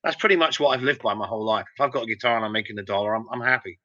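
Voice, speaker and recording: A middle-aged man, a musician, telling animated stories in a casual interview, with many restarts. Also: lowish voice, rapid-fire, no echo. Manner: rambling, animated anecdotes with restarts. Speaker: musician guest. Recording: dull, lo-fi dry sound.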